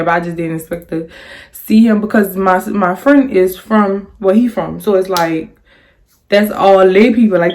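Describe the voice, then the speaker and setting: Animated young woman telling a story. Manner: animated, jumps high on quoted lines; rambling with many restarts and "like". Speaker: storyteller vlogger. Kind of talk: casual storytime.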